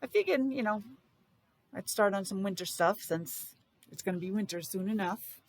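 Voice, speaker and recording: A woman teacher with a Rhode Island accent reads a picture book aloud to young children. Her mid-range voice is expressive as she sounds out letters slowly and repeats words in a sing-song way, with no room sound in the recording.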